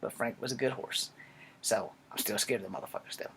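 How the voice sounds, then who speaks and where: A young man telling a funny personal story in casual, swearing storytime style, jumping from low mutters and whispers to loud outbursts. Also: racing, creaky, a little hiss or hum. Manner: sometimes drops to a whisper. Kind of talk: casual profane storytime monologue.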